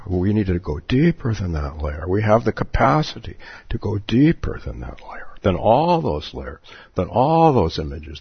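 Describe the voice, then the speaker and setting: Man, Zen teacher giving a dharma talk, playful, repeats questions, very low husky voice, slow, dull lo-fi recording. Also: dry recording. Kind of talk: dharma talk at a meditation retreat.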